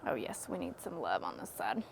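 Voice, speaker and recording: A woman's voice: very deep voice, big pitch swings, fairly quick, creaky, background noise. A woman chatting casually while she makes a flower arrangement at home, with a jokey, self-deprecating manner. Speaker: craft vlogger. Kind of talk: casual how-to narration. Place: home indoors.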